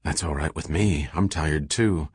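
A man playing a practical woman companion, speaking in a matter-of-fact, measured way in an audiobook. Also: a bass voice, darkish tone, slightly rough, no room sound, clean studio sound, heavily acted. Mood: calm.

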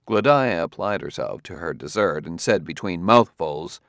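Man reading a novel aloud, low voice, very animated delivery. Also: normal speed, few pauses, dry recording, clean studio sound. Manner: expressive storytelling. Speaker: audiobook narrator. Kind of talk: scripted narration.

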